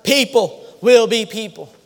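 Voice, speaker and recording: A male pastor preaching a sermon, emphatic, climbing into shouted repetitions. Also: sits high, a little slow. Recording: long hall reverb.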